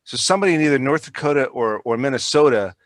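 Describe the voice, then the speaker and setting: A man's voice: medium pitch, animated, quick pace, no echo. Rambling, swearing podcast guy. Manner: rambling, swears a lot, many restarts. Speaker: podcast co-host. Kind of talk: casual chat.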